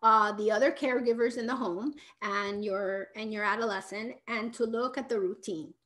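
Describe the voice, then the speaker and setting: A woman who is a parenting educator, explaining in a live question-and-answer talk and often checking in with "right?", sometimes in a soft, soothing tone. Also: mid-range voice, fairly even intonation, normal speed.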